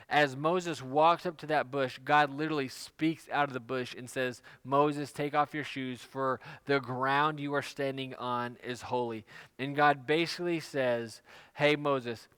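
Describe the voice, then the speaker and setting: A man's voice: mid-range voice, a bit bright, smooth, no echo. A man preaching a sermon, retelling a scripture story in casual, everyday speech. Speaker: pastor.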